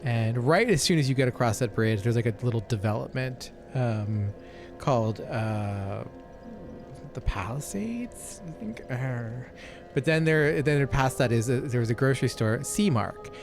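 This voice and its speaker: A man's voice: medium pitch, animated, measured pace, over music. A man co-hosting a game let's play, telling long rambling stories full of fillers and asides. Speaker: co-host. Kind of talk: casual chat over gameplay.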